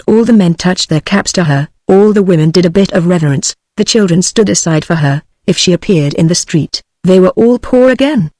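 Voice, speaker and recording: A text-to-speech woman's voice with a British English accent, reading a novel aloud in a steady, even audiobook style. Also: lowish voice, no echo. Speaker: audiobook narrator. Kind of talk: synthetic audiobook narration.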